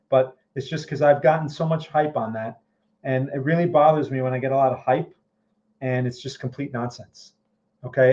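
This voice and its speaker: A man's voice: medium pitch, darkish tone. Blunt, skeptical man on a lo-fi stream. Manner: blunt and skeptical, repeats words and asks "okay?" and "right?". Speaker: trading channel host answering viewer questions. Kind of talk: casual live-stream market commentary.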